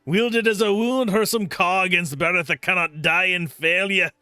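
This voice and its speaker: A man's voice: high-pitched, fairly even intonation, normal speed, pushed and bright, clean tone, dry recording, pitched above the performer's own voice. A man reading out a dead warrior's eulogy in a put-on Scottish accent, with a strained, throaty, old-fashioned delivery. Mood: anguished. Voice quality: strained, throaty, archaic speech. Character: dying undead warrior's eulogy, male, anguished.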